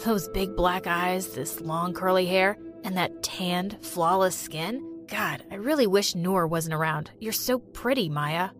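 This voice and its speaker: A woman voicing a shy, smitten teenage boy who speaks in a lowered, hushed, admiring way. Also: a little slow, hardly any pauses, soft background music, natural voice.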